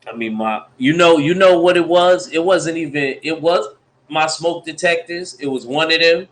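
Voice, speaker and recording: A man's voice: fairly high pitch, normal speed, a bit bright, rough recording. Casual slangy man with hiccups. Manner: loose, laughing, slangy banter. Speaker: live stream host. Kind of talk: casual live-stream chat.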